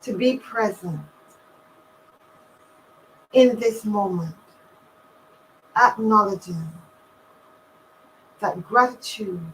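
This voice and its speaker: A woman from Barbados leading a calm, meditative invocation prayer. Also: medium pitch, slight background noise, low-quality recording. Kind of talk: slow guided prayer.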